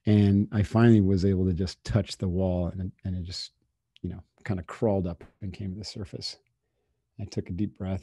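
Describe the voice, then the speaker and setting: Man, middle-aged, podcast guest, casual candid storytelling, husky tone, dry close sound. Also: deep voice, steady tone, moderate pace, dark tone, dry recording. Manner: candid, casual, peppered with fillers and self-quotes. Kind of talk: storytelling anecdote.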